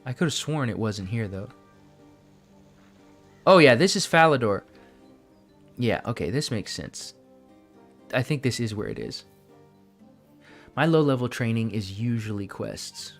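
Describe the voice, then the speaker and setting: A man's voice: medium pitch, lively intonation, measured pace, pauses often, soft background music. A man streaming a game live, chatting casually and thinking aloud, often breaking into laughs.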